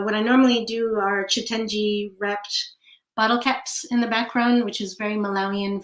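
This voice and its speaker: An American woman in her forties, an artist chatting casually during a live studio check-in. She rambles a little, with lots of fillers and light laughter. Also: fairly high pitch. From United States. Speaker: artist and art teacher. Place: home art studio. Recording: roomy studio sound.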